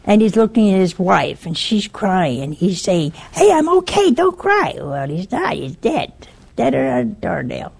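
A woman's voice: on the low side, expressive, a little slow, vocal fry, hardly any pauses, darkish tone, husky. A woman giving an earnest, urgent warning to listeners and telling a story in plain, direct words.

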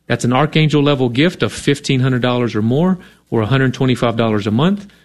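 On an on-air fundraising appeal, this radio co-host urges listeners to give with earnest persuasion, often ending lines with "right?" His voice is medium-pitched and brisk.

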